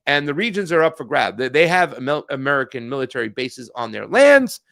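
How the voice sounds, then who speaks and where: A man's voice: mid-range voice, very animated, a little fast, vocal fry, a bit bright. A man co-hosting a political news podcast, talking heatedly in casual chat, swearing and restarting his sentences. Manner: heated, profane, frequent restarts. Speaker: podcast co-host.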